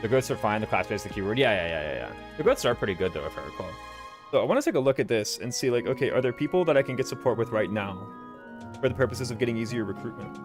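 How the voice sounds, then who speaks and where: Fast-talking streamer with a Southern drawl. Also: male voice, medium pitch, expressive. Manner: rambling, thinking aloud, drops consonants. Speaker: streamer playing a strategy game. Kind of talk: casual gameplay commentary. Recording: game music playing underneath. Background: game music.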